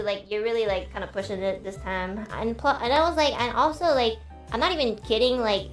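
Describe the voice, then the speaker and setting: A young woman streamer telling a story in a casual, animated, exasperated way, with lots of fillers. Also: on the high side. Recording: roomy echo with faint music behind.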